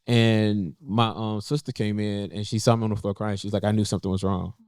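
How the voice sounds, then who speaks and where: A young man speaks in a low, smooth, resonant voice, recorded close and dry with no room sound. He talks casually and haltingly, full of fillers and restarts. He lifts his pitch when he quotes himself. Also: little pitch movement, darkish tone, no echo. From North Carolina, USA. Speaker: podcast co-host sharing a personal story. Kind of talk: casual heartfelt conversation. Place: indoors in a cafe.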